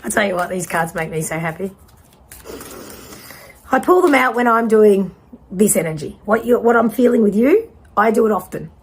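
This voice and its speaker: Woman, tarot reader, gravelly, husky, blunt, swears a lot, chatty with slow guided pauses. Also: mid-range voice, lively intonation. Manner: casual, conversational with guided pauses. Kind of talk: pick-a-card tarot reading.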